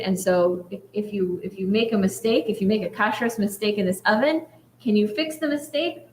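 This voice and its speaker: A woman's voice: mid-range voice, roomy sound, a little hiss or hum. A woman rabbi giving a conversational sermon, often checking in with "right?". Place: synagogue sanctuary.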